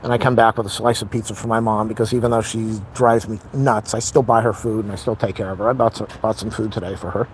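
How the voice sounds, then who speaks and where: A man's voice: fairly low pitch, steady tone, fast, few pauses, slight background noise. A middle-aged man venting in a rambling, frustrated casual monologue on a live stream.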